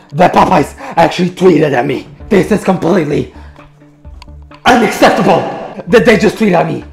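A man's voice: high-pitched, vocal fry, roomy sound, exaggerated voice. A man putting on the voice of an overexcited, whiny male YouTuber, shrieking with breathless exaggeration.

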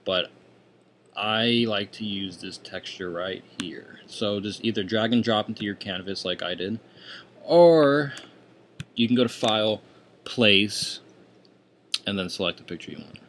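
A young man hosting a casual software tutorial, rambling loosely with profane, grumbling asides, recorded at home on a desktop mic. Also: fairly low pitch, steady tone, normal speed, a little hiss or hum. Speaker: tutorial host. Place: hot room at home.

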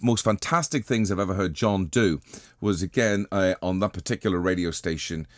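A man's voice: low-pitched, normal speed, dry recording. A man hosting a breakfast radio show, enthusing about his guest in the studio. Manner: enthusiastic, effusive praise. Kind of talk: radio interview chat. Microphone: studio microphone.

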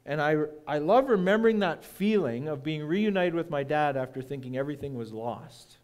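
A man preaching as a guest speaker, telling a personal story with dramatic pauses and hushed moments. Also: on the high side, lively intonation.

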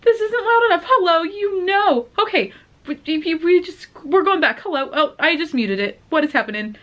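Excitable high-voiced woman reacting. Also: normal speed. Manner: excitable, gushing, full of exclamations and "like". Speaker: reaction video host. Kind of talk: casual reaction commentary. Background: the reacted-to music video playing faintly.

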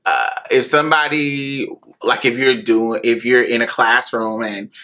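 An adult man from Indiana with a rural Indiana accent, slowly and candidly telling a personal story, often laughing and repeating himself. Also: mid-range voice, steady tone, bright, forceful tone.

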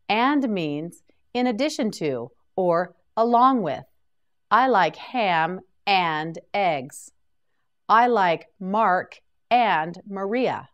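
A woman teaching English vocabulary in a slow, scripted lesson, saying each word clearly and prompting the listener to repeat it. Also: lowish voice. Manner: clear, deliberate drilling with repetition prompts.

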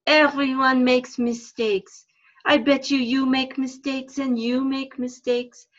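A woman's voice: high-pitched, level tone, slow, muffled recording, voice pushed up. A woman voicing a wise, kindly male fox puppet, raising her voice and speaking with a French accent in a soothing, reassuring way.

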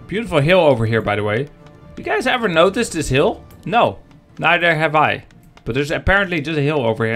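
A man's voice: mid-range voice, fairly bright tone. A man casting a live strategy game match, joking and chatting with his viewers. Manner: joking, chatty, talks to the chat. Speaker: game caster. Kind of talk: live esports commentary.

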